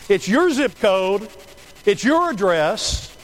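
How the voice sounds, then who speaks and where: A man preaching a sermon in a church auditorium, dropping to a hush for the story and then rising into loud, emphatic appeals. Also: mid-range voice, measured pace, pauses often, a little hiss or hum, low-quality recording.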